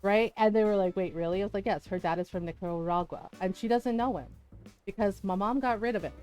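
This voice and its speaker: A woman streamer chatting casually while playing a game, frank and quick to laugh, swearing freely and acting out the people in her stories. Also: on the high side, darkish tone. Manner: frank, swears freely, laughs often, retells dialogue animatedly. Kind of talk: casual chat while gaming.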